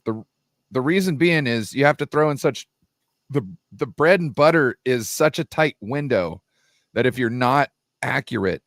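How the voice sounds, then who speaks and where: A man's voice: fairly low pitch, no echo, studio quality. A man co-hosting a casual football debate livestream, making emphatic points and restarting his sentences as he argues. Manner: emphatic, repeats and restarts while arguing. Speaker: co-host, 49ers fan.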